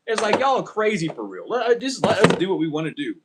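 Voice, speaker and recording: Profane ranting man, fairly high voice. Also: sing-song, quick pace, hardly any pauses, a bit bright, slight background noise, rough recording. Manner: profane, ranting, talks straight to viewers. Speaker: tarot reader. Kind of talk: casual tarot reading rant.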